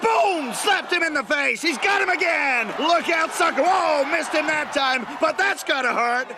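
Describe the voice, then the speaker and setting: A man voicing a brash, excitable American wrestling commentator who shouts with enthusiasm. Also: very high-pitched, moderate pace, crowd noise, background noise, pitched above the performer's own voice. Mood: excited. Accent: put-on American.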